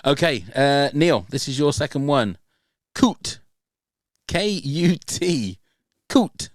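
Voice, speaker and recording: A man's voice: on the high side, sing-song, no echo. Guy hosting a podcast quiz, bouncy voice, dry close sound, teasing and giggly. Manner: teasing, spells words out slowly, laughs often. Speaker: podcast host running a quiz. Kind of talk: casual quiz banter.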